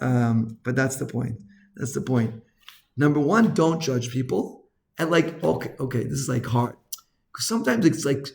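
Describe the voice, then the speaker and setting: A man teaching an informal Torah class as a rabbi, chatty, full of asides and lively retold quotes. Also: a little high, creaky.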